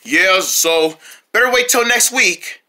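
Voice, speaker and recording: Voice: medium pitch, animated, takes it slowly, sharp tone, full character voice. A performer doing a matter-of-fact store clerk. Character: patient male store clerk. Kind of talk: homemade comedy skit.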